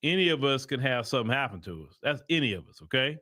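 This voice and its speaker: A man's voice: medium pitch, very animated, fast, pushed and bright, no room sound, clean studio sound. A man hosting a livestream commentary, talking in a heated, rambling way full of repeated restarts. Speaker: host and commentator.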